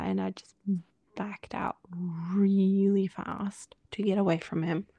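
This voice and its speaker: A woman co-hosting a podcast, telling a personal story in casual talk, often sinking into a breathy near-whisper and acting out what others said. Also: medium pitch, warm tone, a little hiss or hum. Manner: quotes others in dialogue with many fillers. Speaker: podcast co-host.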